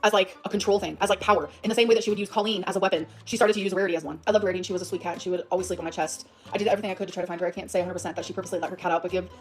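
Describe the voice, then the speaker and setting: A woman's voice: fairly low pitch, steady tone, rapid-fire, few pauses, soft background music. A woman vlogger ranting emotionally in a rambling, profane way. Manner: rambling, profane, shifts between laughing and upset. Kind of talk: emotional vlog rant.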